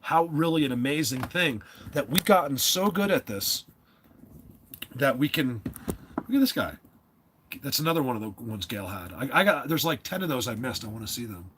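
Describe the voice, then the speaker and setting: A man hosting a live stream, chatting casually and rambling, often clearing his throat and restarting his sentences. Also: medium pitch, big pitch swings, normal speed, background noise.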